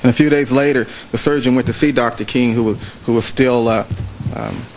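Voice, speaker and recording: A trial lawyer giving a closing argument to a jury in a courtroom, speaking in a measured way and repeating phrases for emphasis. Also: male voice, mid-range voice, fairly even intonation, slight background noise, low-quality recording.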